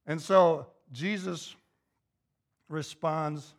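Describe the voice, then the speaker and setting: A pastor preaching a sermon, repeating key phrases and building to an emphatic, raised intensity. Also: male voice, on the high side, fairly even intonation, drawn-out words.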